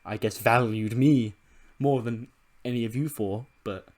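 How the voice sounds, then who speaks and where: A man's voice: mid-range voice, steady tone, unhurried, darkish tone, lightly acted. A man voicing a determined, loyal male wrestler giving an earnest pre-match speech.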